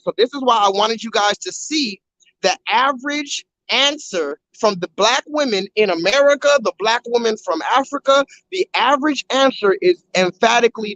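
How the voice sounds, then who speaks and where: A man's voice: extremely high pitch, moderate pace, low-quality recording. A man hosting a live stream while walking around, talking on a phone and repeatedly urging viewers to comment in the chat. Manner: animated, repetitive, keeps urging viewers to comment. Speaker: livestreamer.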